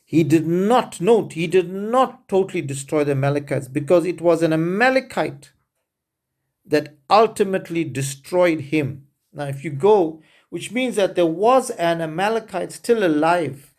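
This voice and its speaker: A male preacher delivering a sermon at an unhurried pace. His voice sits slightly higher than most men's, and he leans on key words with earnest emphasis, calling his listeners beloved. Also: lively intonation, a little mellow.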